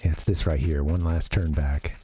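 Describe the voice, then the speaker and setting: A man's voice: extremely low pitch, fairly even intonation, moderate pace, dark tone, slight background noise. An American man giving casual, rambling commentary as a game streamer, full of fillers and asides. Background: game music.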